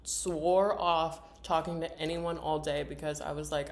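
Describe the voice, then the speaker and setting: Low-voiced young woman musing aloud. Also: fairly even intonation, measured pace, vocal fry, hardly any pauses, a little hiss or hum. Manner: casual, rambling, talks while eating; reads questions from her journal. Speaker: vlogger. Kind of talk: reflective personal vlog.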